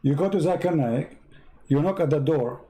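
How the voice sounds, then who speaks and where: The host is a man whose native language is Arabic, and his accent shows it. His mellow, fairly high voice moves at a moderate pace as he gives sarcastic religious commentary in broken English, with broken grammar and repeated counting.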